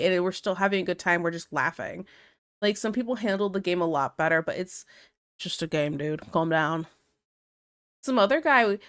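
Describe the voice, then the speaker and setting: Chatty young woman streamer, laughing often. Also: fairly high pitch. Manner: chatty, laughs often, reads chat aloud. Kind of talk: casual live-stream chat.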